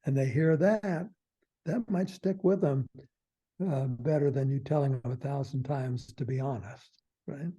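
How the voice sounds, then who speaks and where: A man's voice: mid-range voice, unhurried, mellow, slightly rough, highs cut off. An older man, a guest expert on a podcast, explaining in a folksy way and acting out little quoted phrases with chuckles.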